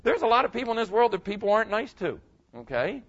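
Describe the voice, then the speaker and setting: Lively folksy preacher man, dull lo-fi sound. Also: high-pitched, quick pace. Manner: folksy, repeats his point, talks straight to the congregation. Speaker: pastor. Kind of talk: storytelling sermon.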